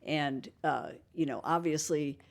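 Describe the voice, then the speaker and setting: A woman hosting a radio talk show, introducing and interviewing a guest with measured, friendly questions. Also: low voice, vocal fry. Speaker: radio host.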